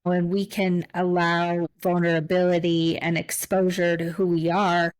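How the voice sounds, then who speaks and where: Woman podcast cohost, low-ish voice, thoughtful and kinda emotional, lots of restarts. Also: level tone, measured pace, clean tone, rough recording. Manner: reflective, gets emotional, many restarts. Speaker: podcast co-host. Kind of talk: casual conversational podcast.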